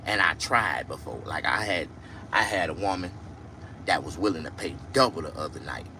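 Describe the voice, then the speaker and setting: A man telling crude comic stories, shouting and shrieking for effect. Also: low-pitched, moderate pace, a little hiss or hum. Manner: crude, loud, shrieking storytelling. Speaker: comedian. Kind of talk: comic monologue.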